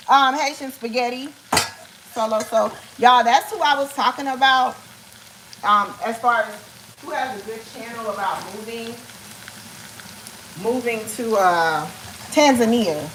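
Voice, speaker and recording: A woman's voice: on the high side, noisy background. Playful woman chatting while she cooks. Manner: playful, joking, chatty, addresses viewers as y'all. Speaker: cooking live-stream host. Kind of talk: casual live-stream chat while cooking. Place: home kitchen. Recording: frying sizzle in kitchen.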